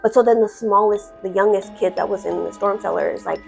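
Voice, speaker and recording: A woman telling a horror story casually, animated and full of swearing and fillers. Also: mid-range voice, brisk, gravelly, soft background music. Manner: profane, animated, filler-heavy.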